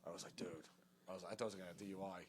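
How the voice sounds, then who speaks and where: A man's voice: low-pitched, steady tone, rapid-fire, crowd noise. Rambling, profane male storyteller. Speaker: comedian podcast co-host. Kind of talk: casual storytelling chat.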